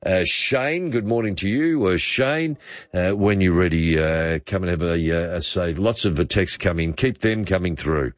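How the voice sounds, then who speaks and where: An Australian man hosting talkback radio, relaxed and unhurried with many uh fillers. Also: low voice, dry recording, lo-fi sound.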